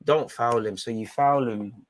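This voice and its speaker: A young man streaming a football watchalong, shouting at players and slipping into slang as he grows frustrated. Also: medium pitch, unhurried. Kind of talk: live match reaction commentary.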